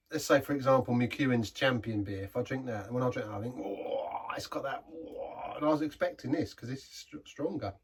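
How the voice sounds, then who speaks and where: A man's voice: mid-range voice, husky, recorded from a distance. A man giving a casual, rambling beer review, often stopping and restarting his sentences. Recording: voice set back from the mic.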